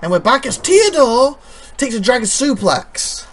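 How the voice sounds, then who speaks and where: An excitable commentator calling a wrestling game with a lively, bouncing voice. The exclamations come thick and fast. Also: mid-range voice, a little hiss or hum. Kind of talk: playful play-by-play commentary.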